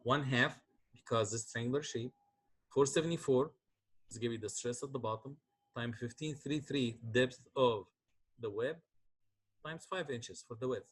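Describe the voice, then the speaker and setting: Man, engineering lecturer, husky voice, step-by-step explanation, frequent check-ins with students. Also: medium pitch, moderate pace. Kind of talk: university lecture.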